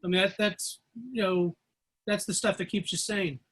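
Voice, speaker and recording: A man's voice: high-pitched, fairly even intonation, normal speed, fairly bright tone, husky. A man interviewing, giving encouraging, brief reactions over a video call. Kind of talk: interview questions.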